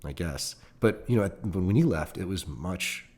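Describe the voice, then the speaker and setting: A man's voice: sits low, animated, moderate pace, a little mellow. A man in his forties, born in Singapore and speaking with an American accent, chatting as a podcast guest, rambling with frequent restarts. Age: 40s. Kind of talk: casual podcast conversation.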